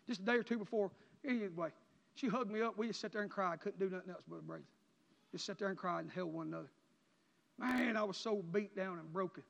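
A man preaching an emotional sermon, swinging from near-shouts down to quiet, low passages. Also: fairly quick, vocal fry. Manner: impassioned, rising to near-shouts then dropping low. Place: church sanctuary. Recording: dull sound with long church reverb.

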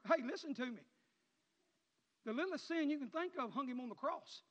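A man preaching a sermon in a church, swinging between shouted passages and low, quiet murmurs. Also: animated, moderate pace. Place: church sanctuary. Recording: muffled sound with long hall reverb.

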